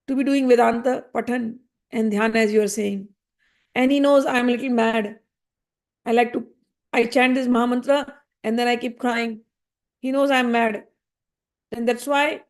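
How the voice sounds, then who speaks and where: A woman reading and explaining a devotional scripture, chanting verses slowly before explaining them plainly. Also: high voice. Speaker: scripture reader and teacher.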